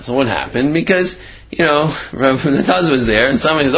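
Husky animated man telling a story. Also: mid-range voice, a little fast. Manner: rambling, many fillers, acts out quotes. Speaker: Torah teacher. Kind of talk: storytelling talk. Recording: dull lo-fi recording.

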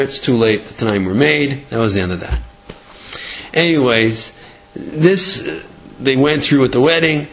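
A man's voice: on the high side, fairly bright tone. A man telling a religious story in a lecture, rambling with many restarts and acting out the people in it. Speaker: religious teacher. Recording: dull lo-fi recording.

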